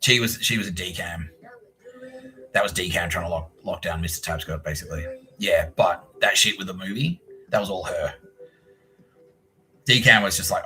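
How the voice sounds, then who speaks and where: A man's voice: low voice, a little fast, long pauses, bright, forceful tone, low-quality recording. A man with an Australian accent hosting a solo podcast, telling a long profane story in a rambling way and mimicking people he quotes. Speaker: podcast host.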